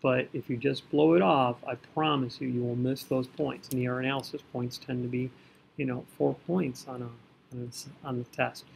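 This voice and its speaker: A man's voice: medium pitch, steady tone, moderate pace, creaky, a little hiss or hum. A man teaching a recorded math lesson, talking through each step and catching his own slips as he goes. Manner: talks through working step by step, self-correcting.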